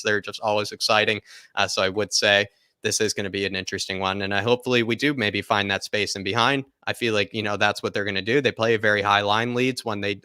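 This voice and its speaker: A man's voice: fairly low pitch, bright, forceful tone, no echo, studio quality. A man hosting a football live stream, reading viewer comments and rambling casually with fillers and laughs. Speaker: football channel host.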